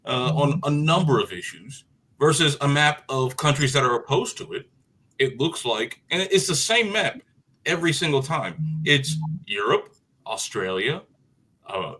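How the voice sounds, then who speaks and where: A man's voice: medium pitch, bright, forceful tone, breathy edge, poor audio. A man appearing as a guest on a radio talk show, making an earnest political argument. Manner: earnest, argumentative, with frequent fillers and restarts. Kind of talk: political commentary in conversation.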